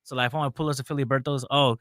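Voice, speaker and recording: A man chats as a guest on a studio talk show, easygoing and ready to poke fun at himself. He talks quickly, and the sound is dry and close. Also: medium pitch, steady tone, dry recording. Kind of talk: casual chat. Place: radio studio.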